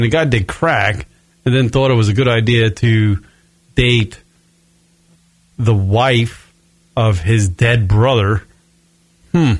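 A man's voice: mid-range voice, dry recording. A young American man hosting a radio show, ranting crudely and bluntly and drawing out words for emphasis. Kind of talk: profane ranting commentary.

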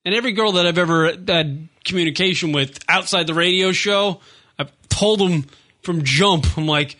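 A man's voice: high-pitched, moderate pace, bright, forceful tone. A man co-hosting a radio show, in profane, teasing casual banter.

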